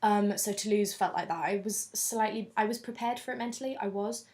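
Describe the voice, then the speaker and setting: A woman's voice: medium pitch, a little fast, a little mellow. A young woman from England chatting openly in an interview. She talks freely, in a casual and candid way, and laughs often. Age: 20s.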